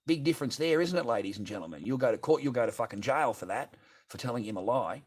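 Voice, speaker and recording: An Australian man rants on a live stream in a voice of ordinary middle pitch. He swears freely and talks in a blunt, combative way. He reads viewers' comments aloud and argues back at them. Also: animated, quick pace. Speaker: livestreamer. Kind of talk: ranting live stream chat.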